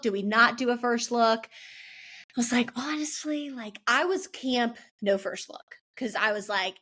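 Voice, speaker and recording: A young woman hosting a casual faith-based podcast, chatty and animated, with many "like" fillers. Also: on the high side. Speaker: podcast host.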